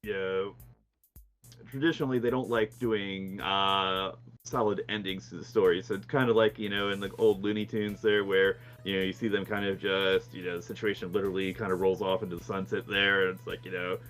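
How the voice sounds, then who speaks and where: A man's voice: deep voice, little pitch movement, a little fast, a bit bright, faint music behind. A man hosting a casual chat, rambling with many fillers and laughing often. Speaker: host and translator.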